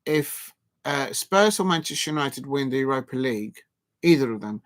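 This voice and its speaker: A man chatting about football on his live stream in a mid-pitched voice. He talks in an emphatic, rambling way, often restarting his sentences and repeating points. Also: animated, moderate pace, a bit bright.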